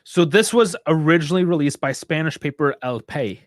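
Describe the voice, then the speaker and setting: A man hosting a casual podcast in a somewhat high voice, recorded dry. He stammers and restarts often and pokes fun at himself. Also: fairly quick, no room sound. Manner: self-deprecating, stammering restarts. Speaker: podcast host.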